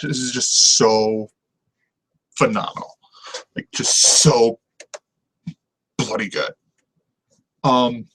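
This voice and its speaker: A man's voice: medium pitch, a bit bright, poor audio. A man hosting a casual TV review show, talking in an enthusiastic, rambling way and laughing often. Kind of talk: casual on-camera review chat.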